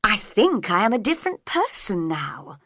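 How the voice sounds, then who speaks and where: A woman's voice: mid-range voice, sing-song, normal speed, fairly bright tone, no room sound. A woman voicing a polite, puzzled little girl in a storybook reading, earnest and courteous.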